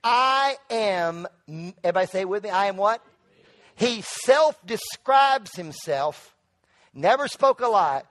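A middle-aged male pastor preaching a sermon in church, calling on the congregation to answer back and building to loud emphatic peaks. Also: high voice, expressive, measured pace. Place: church sanctuary.

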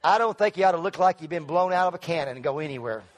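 High-voiced man preaching a sermon. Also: animated, rapid-fire. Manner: call-and-response preaching, rising to loud emphatic peaks. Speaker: pastor. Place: church sanctuary.

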